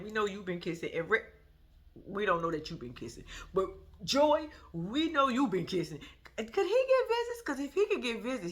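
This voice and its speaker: Sassy animated woman recapping TV. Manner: sassy, animated, laughing often, quotes herself in high voice. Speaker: reality TV recap vlogger. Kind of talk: casual commentary.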